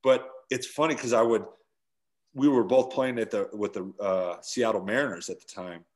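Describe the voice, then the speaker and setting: Low-voiced man telling baseball stories. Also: moderate pace. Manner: animated storyteller, acts out yelling quotes. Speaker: former pro baseball catcher, guest. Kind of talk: casual storytelling interview.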